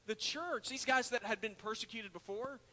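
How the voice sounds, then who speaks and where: High, bright-voiced preacher in a reverberant church. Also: male voice, moderate pace. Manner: earnest preaching, frequent uh fillers and restarts, rises to emphatic points. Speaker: pastor. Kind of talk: sermon. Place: church sanctuary. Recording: long hall reverb in a church.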